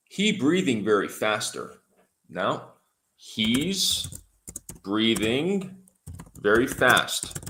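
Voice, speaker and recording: Slow, patient male English teacher. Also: medium pitch, pushed and bright, slight background noise. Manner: slow, repeats and spells out words for learners. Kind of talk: livestream language lesson.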